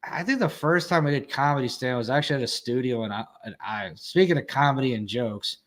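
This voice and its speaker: A man's voice: medium pitch, a little fast, fairly bright tone. A man hosting a casual talk show, rambling and crude as he talks. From Chicago. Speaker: podcast host. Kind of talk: casual chat.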